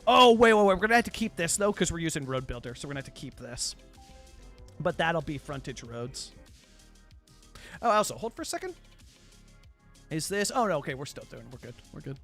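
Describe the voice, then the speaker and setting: A young Canadian man with a high, bright, forward voice talks through a live game stream. He rambles in a loose, chatty way, packing in fillers as he answers viewer chat. Soft music plays faintly underneath. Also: sing-song, a little fast, pauses often. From British Columbia, Canada. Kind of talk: casual live-stream chat while playing a city-building game.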